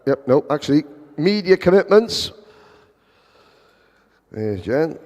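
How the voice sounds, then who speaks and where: A man's voice: a little high, big pitch swings, takes it slowly, a little mellow, dull audio. A man giving live motorsport commentary, chatty with wry asides. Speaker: race commentator. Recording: long hall reverb.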